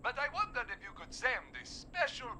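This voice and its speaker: An actress voicing a chirpy caller phoning into a game's radio show. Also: female voice, sits high, sing-song, brisk, crowd noise. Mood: sweet. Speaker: prank caller.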